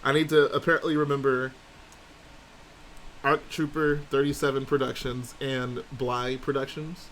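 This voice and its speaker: A man's voice: medium pitch, little pitch movement, normal speed, a bit bright, a little hiss or hum. A man hosting a casual live stream, chatting and reading viewer comments aloud and answering them. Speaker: livestream host.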